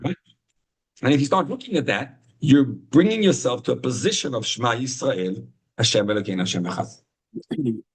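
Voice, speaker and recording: A husky-voiced man leads an informal Torah class over a video call. He tells stories with growing excitement, sometimes climbing high in pitch to drive a point home. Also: moderate pace, low-quality recording. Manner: animated storytelling, rising to high excited emphasis. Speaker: rabbi teaching a class.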